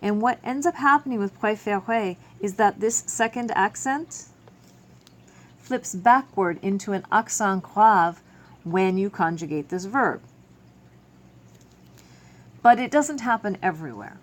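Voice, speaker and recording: A woman's voice: mid-range voice, expressive, unhurried, pauses often. A woman teaching a French verb lesson to students, explaining each step patiently. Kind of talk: classroom video lesson.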